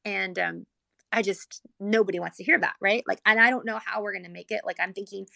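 A woman's voice: medium pitch, steady tone, brisk, creaky, bright, forceful tone, dry recording. A woman telling a personal story about her son in a rambling, earnest way, full of "like", close to tears at times. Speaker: mother telling her son's hospital story.

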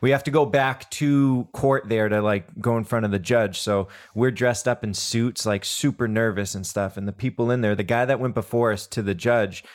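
A man's voice: on the low side, fairly even intonation, moderate pace, few pauses. A man guest telling a story casually, rambling with lots of fillers. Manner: rambling, full of "like" and restarts.

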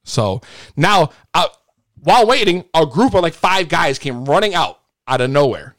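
Animated high-voiced man telling a story. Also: normal speed. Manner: animated, swears freely, restarts and repeats. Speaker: livestream host. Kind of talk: casual storytelling to a live audience.

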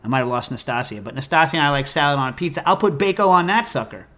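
A podcast host rambles through listener questions in a loose, jokey, animated way. His voice sits a little high for a man. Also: racing. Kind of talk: casual chat.

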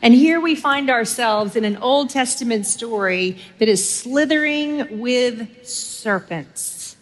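Woman preacher, middle-aged, higher voice, funny storyteller who talks to the crowd. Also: takes it slowly. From Texas. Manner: humorous storytelling, speaks directly to the audience. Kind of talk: sermon.

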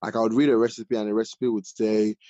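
A man from Nigeria, a chef, telling his story casually in an interview, animated and full of fillers. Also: on the low side, fast, no room sound. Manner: animated, many fillers like "like" and "you know". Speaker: chef, podcast guest. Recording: dull lo-fi audio.

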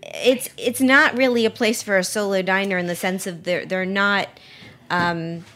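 A woman's voice: medium pitch, steady tone, moderate pace, bright, forceful tone. A woman hosting a podcast, chatting casually, with lots of restarts and easy laughs. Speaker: podcast host. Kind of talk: casual interview chat.

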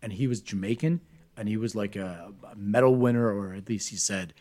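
A man's voice: fairly low pitch, brisk, a little mellow. A middle-aged man telling candid, rambling stories from his school days in a casual chat, swearing freely.

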